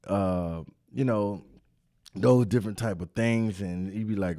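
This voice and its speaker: A man's voice: fairly low pitch, measured pace, warm tone. A man hosting a casual chat, talking in loose, repetitive street slang. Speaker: host.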